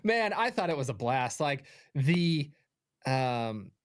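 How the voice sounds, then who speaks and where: A man's voice: medium pitch, sing-song, takes it slowly. A man as a guest on a casual livestream chat, telling stories in a joking, hesitant way with many filler words. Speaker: guest co-host.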